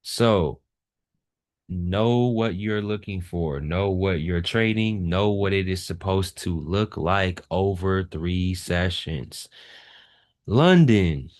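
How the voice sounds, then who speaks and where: Slow, deep-voiced man teaching trading. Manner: emphatic, repeats key points. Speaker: trading educator. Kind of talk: screen-share trading lesson.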